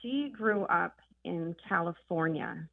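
A woman's voice: lowish voice, animated, slow pace, gravelly, no echo. A woman caller from northern Minnesota telling a chatty story on a call to a radio show. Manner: chatty, storytelling with small laughs. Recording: tinny phone line.

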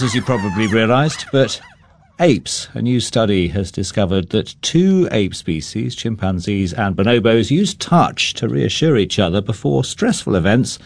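A man presenting a radio news programme, introducing stories and guests in a measured way. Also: medium pitch, a little mellow, no echo.

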